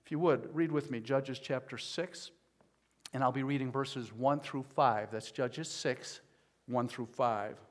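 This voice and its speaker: A man preaching a sermon as pastor, at times rising to loud pleading as he voices people's prayers. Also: mid-range voice, measured pace. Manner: builds to loud pleading when voicing prayers.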